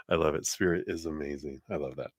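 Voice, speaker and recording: During a live tarot reading, the reader, a man with a very low voice, rambles casually, laughing often and relying heavily on fillers. The audio is intimate and entirely dry.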